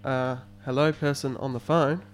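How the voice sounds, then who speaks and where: A man co-hosting a student radio show, chatting briskly and chiming in with quick replies. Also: medium pitch, fairly even intonation, slight background noise. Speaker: radio co-host. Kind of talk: casual radio chat.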